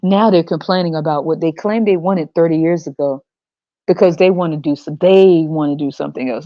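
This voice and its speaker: A woman's voice: low-pitched, brisk, no room sound, dull audio. A woman hosting a podcast, ranting bluntly with a lot of profanity. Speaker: podcast host.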